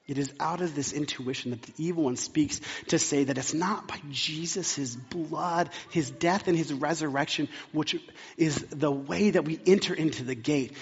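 A pastor preaching a sermon, talking conversationally and hammering points home with repetition. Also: male voice, on the high side, husky. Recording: long hall reverb, dull sound.

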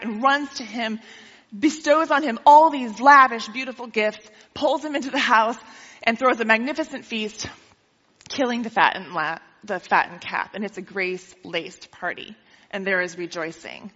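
Bright-voiced woman preaching in an echoing hall. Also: a little high, normal speed. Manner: lively storytelling, asks listeners questions. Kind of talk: sermon. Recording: dull with long hall reverb.

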